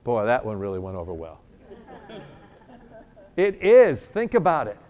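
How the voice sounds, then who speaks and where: With some chatter in the background, a middle-aged New Yorker delivers a sermon built around a healing story, cracking jokes and playing both sides of the conversation. He's animated, with a medium-pitched voice and a measured pace.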